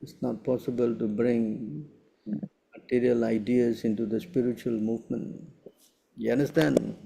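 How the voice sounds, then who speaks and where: A man with a gravelly, mellow voice of middle pitch, answering questions as a spiritual teacher. He talks emphatically and keeps checking in with quick tag questions. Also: steady tone, slight background noise. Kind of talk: Q&A session.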